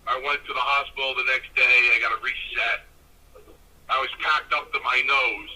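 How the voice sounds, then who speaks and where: An older man, a former wrestler, telling a story casually with a husky voice and acting out what others said in their voices. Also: mid-range voice, moderate pace, poor audio. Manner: animated, acts out other people's lines in their voices.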